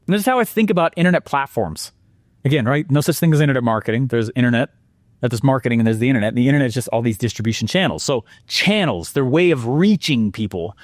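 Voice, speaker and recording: A man presenting a marketing lesson with energetic, animated storytelling and exclamations. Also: medium pitch, no echo, clean studio sound.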